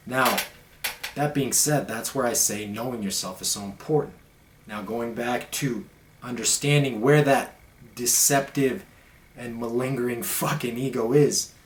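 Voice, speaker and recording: A young man talking blunt, profane and emphatic in a casual monologue as a podcast host. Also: medium pitch. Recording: echoey room.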